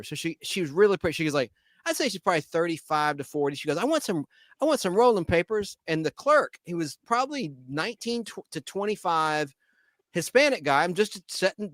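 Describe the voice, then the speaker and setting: A host tells a rambling story with a lively, swooping delivery. The speaker jumps between narration and side remarks. The sound is close and dry, with no room around it. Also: medium pitch, dry recording. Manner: animated, rambling anecdote telling. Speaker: host and panelist. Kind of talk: storytelling in panel chat.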